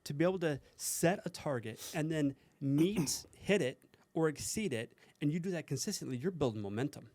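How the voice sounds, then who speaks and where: A man's voice: on the high side, animated, normal speed, darkish tone, no echo. Earnest man coaching with questions. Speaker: podcast guest. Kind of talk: casual podcast chat.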